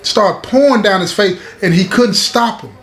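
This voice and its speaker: A man's voice: high-pitched, moderate pace, fairly bright tone. A man telling a story casually and emphatically, repeating lines and speaking straight to his listeners. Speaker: storyteller host. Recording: roomy echo, faint background hiss.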